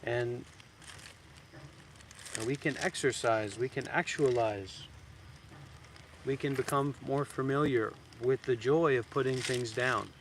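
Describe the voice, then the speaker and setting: A man's voice: mid-range voice, slow pace, pauses often, a little hiss or hum. Blunt, teasing male meditation teacher. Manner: blunt, teasing, suddenly loud then soft. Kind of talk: dharma talk. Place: outdoors in a graveyard.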